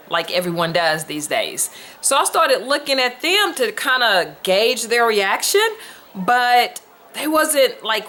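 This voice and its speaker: A woman podcast host, telling a personal story casually and acting out the dialogue. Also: a little high. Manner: animated, conversational, acts out quoted dialogue.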